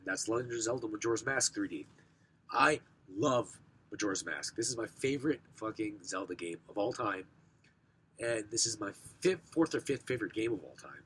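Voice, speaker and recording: A young man with a hoarse, rough voice from recent sickness, casually showing off his game collection, rambling and clearing his throat. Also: fairly low pitch, animated, normal speed, fairly bright tone, slight background noise. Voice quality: rough, smoker-sounding voice. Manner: rambling, self-correcting, frequent throat clearing.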